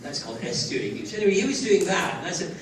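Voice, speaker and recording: An older Scottish man telling animated, laughing anecdotes as a guest on a fan convention panel. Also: high-pitched, racing. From Scotland. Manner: animated, laughing, slips into impressions. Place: large indoor convention hall. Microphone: audience camcorder from far off. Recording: echoey hall, far off, crowd noise.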